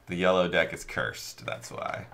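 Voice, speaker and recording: A man's voice: sits low, unhurried, vocal fry, pushed and bright. A man hosting a live board game session, joking with the table and explaining the rules and what comes next. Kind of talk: casual chat while playing a board game.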